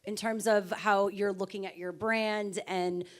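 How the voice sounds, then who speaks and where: A woman's voice: mid-range voice, fairly even intonation, unhurried. A woman moderating a panel in a chatty, laughing way, asking the guests questions. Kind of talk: casual panel talk.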